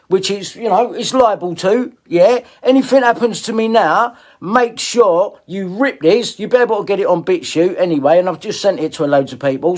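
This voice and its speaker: A middle-aged man ranting at people in a confrontational, swearing monologue, repeating himself. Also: high-pitched. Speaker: video blogger.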